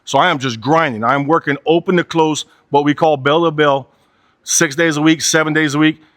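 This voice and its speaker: A man's voice: on the high side, fairly even intonation, normal speed, fairly bright tone, no echo. A man in his forties giving a candid motivational talk, blunt and profane, driving his points home with repetition and a habitual "right?". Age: 40s. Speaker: motivational speaker.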